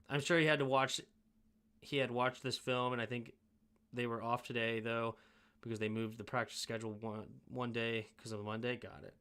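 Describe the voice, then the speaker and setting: A man's voice: mid-range voice, a bit bright. A man hosting a sports show, casually breaking down game film and thinking aloud with self-mocking asides.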